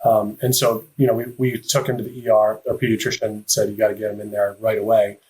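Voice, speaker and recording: A professional golfer talking on a podcast, halting, with many fillers and restarts. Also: male voice, on the low side, level tone, a little mellow, poor audio. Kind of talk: casual podcast chat.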